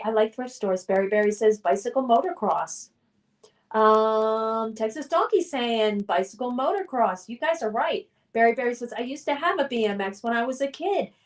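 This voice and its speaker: A woman hosting a casual livestream trivia game, chatting and reading viewer comments aloud before answering them. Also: a little high. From United States. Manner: chatty, reads chat names then responds.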